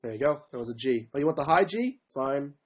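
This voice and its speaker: A man hosting a casual livestream, with a sore throat and frequent throat clearing, who mocks himself and keeps apologizing and giving up on songs. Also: mid-range voice, animated, fast talker, loud music behind the voice. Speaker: livestream host. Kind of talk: casual livestream chat with ukulele. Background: faint ukulele strumming.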